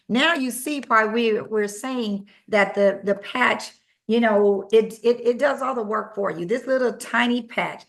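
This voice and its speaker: A woman hosting an online sales presentation, upbeat and steady. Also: on the high side.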